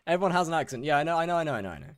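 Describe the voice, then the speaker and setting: Racing along in a fairly high, sing-song voice, this young man from the United Kingdom talks casually to his viewers during a gaming live stream, stammering and repeating words often. The sound is clean studio quality with no echo.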